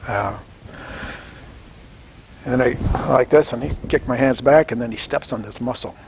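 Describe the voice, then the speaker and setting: A gravelly-voiced man in his seventies from Washington State, recounting his memories in an oral history interview. He tells it in a lively storytelling way, acting out quoted voices and chuckling often. A faint hiss sits behind his voice. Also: mid-range voice, measured pace. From Washington State, United States. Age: 70s. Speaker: veteran interviewee.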